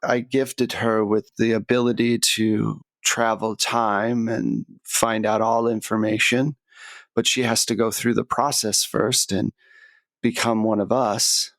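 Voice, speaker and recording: A gaunt, gray-skinned otherworldly emissary speaks in a cold, courteous monotone, as a man puts him on at the game table. He talks slowly and evenly in a dry, close voice. His manners stay flat and unbothered. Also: on the low side, no room sound. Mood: cold, polite. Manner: flat monotone, coldly polite. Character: tall gaunt gray-skinned male servant of a god.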